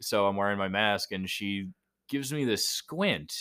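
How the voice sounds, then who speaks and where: A man's voice: fairly low pitch, measured pace, clean tone, no echo, clean studio sound. A young man chatting casually as a podcast guest, telling anecdotes and acting out the people in them. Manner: animated storyteller, acts out voices in anecdotes. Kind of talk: casual chat.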